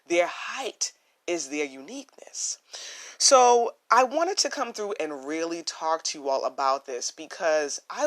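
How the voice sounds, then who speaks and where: A young woman with a naturally low voice, hosting a solo podcast, earnest and reflective, often repeating her phrases for emphasis. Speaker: podcast host.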